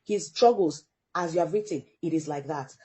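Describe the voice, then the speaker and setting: A middle-aged woman from Africa, a parent guest in an interview, telling a story with animated delivery and acting out the people she quotes. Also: low voice, moderate pace. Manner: animated storyteller who acts out quoted dialogue.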